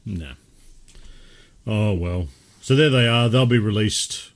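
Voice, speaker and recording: Low-voiced chatty male podcast host. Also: steady tone, a little slow, long pauses. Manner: chatty, rambling with many restarts. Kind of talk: casual chat.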